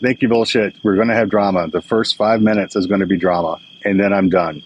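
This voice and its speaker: Older man, live-stream host, chatty, low voice, crickets outside. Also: fairly even intonation, brisk, few pauses, darkish tone, slightly rough, dull audio. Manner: chatty, greeting viewers by name, emotional and upbeat. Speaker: livestream host. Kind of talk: casual live-stream chat. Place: indoors at home, crickets outside. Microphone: phone or webcam for a live stream. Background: crickets and insects chirping.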